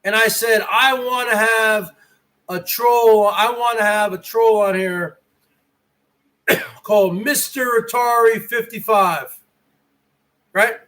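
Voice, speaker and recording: A man hosts a livestream from his garage, ranting at his chat in a taunting, profane way. His voice sits very high for a man. The tone is bright and sharp, and he drags his words out slowly. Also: fairly even intonation, rough recording. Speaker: livestream host. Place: home garage.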